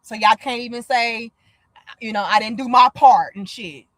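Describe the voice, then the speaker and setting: A woman's voice: fairly high pitch, normal speed, no room sound. A woman in her thirties, from the United States, hosting a casual livestream chat, blunt and profane, telling stories with lots of energy. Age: 30s. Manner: blunt, profane, animated storytelling. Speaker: livestream host.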